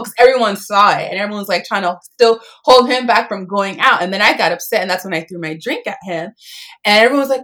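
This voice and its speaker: A woman's voice: mid-range voice, fairly quick, a bit bright. Woman in her twenties, chatty storyteller who voices the people she quotes. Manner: chatty, lots of "like", acts out quotes. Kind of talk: casual storytelling.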